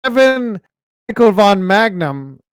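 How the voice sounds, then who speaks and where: A man's voice: high-pitched, big pitch swings, slow, a little hiss or hum. A man co-hosting a podcast in casual chat, joking and riffing with plenty of profanity. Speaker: podcast co-host.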